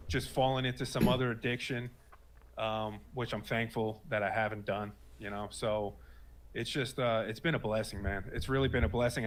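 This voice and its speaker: A man's voice: mid-range voice, a bit bright. A man in his late thirties telling a personal story in an earnest, rambling way, full of fillers and restarts. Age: 30s. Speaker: guest sharing a personal story. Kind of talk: casual spoken testimony.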